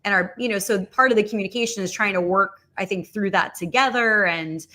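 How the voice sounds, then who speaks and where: Woman hosting a live chat, bright tone, lots of likes and you knows. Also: medium pitch, brisk. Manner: chatty, many fillers. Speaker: podcast host. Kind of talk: casual livestream talk.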